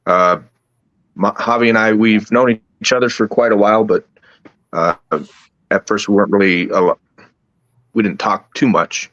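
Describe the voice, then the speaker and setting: A man telling a personal story at a slow, halting pace, with many restarts. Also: fairly low pitch, steady tone, a bit bright, no echo, muffled recording. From United States. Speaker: podcast guest. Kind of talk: casual storytelling.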